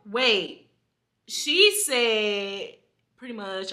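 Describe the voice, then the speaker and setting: A young woman making a reaction video, chatting casually and excitably to her viewers and rambling with lots of fillers. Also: fairly high pitch, moderate pace. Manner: addresses viewers directly. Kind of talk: casual chat.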